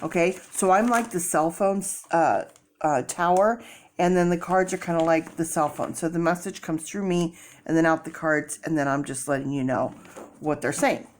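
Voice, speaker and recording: A middle-aged woman with a fairly low voice talks through a tarot reading. She rambles in a loose, chatty way, full of ums and restarts. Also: steady tone, moderate pace, a little hiss or hum. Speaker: tarot reader.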